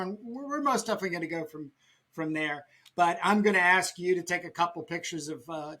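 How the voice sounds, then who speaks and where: A man hosting a casual podcast chat, talking quickly and rambling with many restarts. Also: fairly high pitch, sharp tone. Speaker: podcast host.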